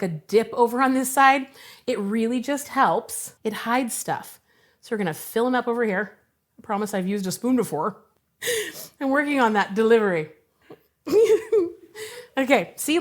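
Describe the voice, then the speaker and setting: A young adult woman hosting a cooking show, chatting casually and giggling as she assembles a dessert. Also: fairly high pitch. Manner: chatty, bubbly, giggles often.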